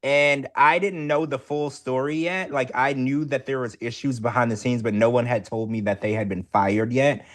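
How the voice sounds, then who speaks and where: A man co-hosting a casual podcast recap, chatty and animated, his voice jumping up high when excited. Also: normal speed, few pauses. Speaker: podcast co-host.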